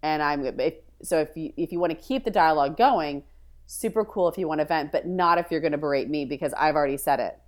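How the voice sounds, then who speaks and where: A woman's voice: low-pitched, fast. A woman guest in a casual interview, a frank verbal processor who thinks aloud with many restarts. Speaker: podcast guest.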